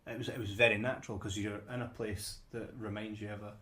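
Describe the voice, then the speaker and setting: A man's voice: on the low side, level tone, fast, bright, forceful tone. A man co-hosting a podcast in casual chat, often repeating words as he starts a sentence. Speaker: podcast co-host.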